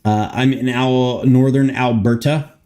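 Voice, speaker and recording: With a warm, medium-pitched voice, fairly even intonation, and a measured pace, a man streams himself coding a game mod. He talks casually, mutters his thoughts aloud, and swears now and then.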